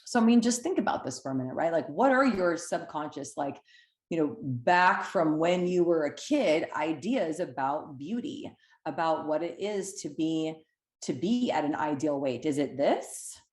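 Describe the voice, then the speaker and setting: Woman coach, animated conversational delivery, checks in with listeners constantly, roomy echo on the voice. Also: sits low, moderate pace. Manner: lively, conversational, frequent "right?" check-ins. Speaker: weight-loss coach. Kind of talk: coaching talk to camera.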